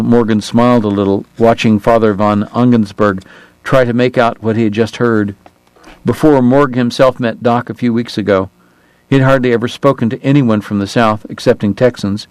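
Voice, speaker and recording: A man reading a novel aloud in steady, measured narration. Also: mid-range voice, dry recording, low-quality recording. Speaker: audiobook narrator. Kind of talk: scripted narration.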